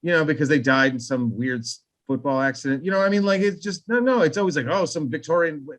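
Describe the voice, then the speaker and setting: A man's voice: on the high side, fast. Rambling, profane podcast host man. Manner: rambling, profane, animated storyteller with many asides. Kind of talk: casual podcast chat.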